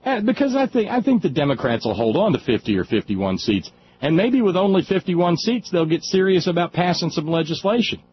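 Animated male radio call-in host. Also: fairly high pitch, fairly quick. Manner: animated, laughs often, stammers restarts. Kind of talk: casual political call-in talk. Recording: dull lo-fi radio sound, faint hum.

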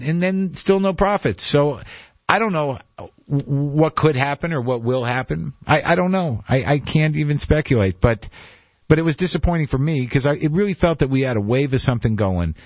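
A man's voice: on the high side, animated, a little fast, no room sound. A man hosting a call-in radio talk show, rambling and self-deprecating in a conversational way. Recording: dull lo-fi radio broadcast.

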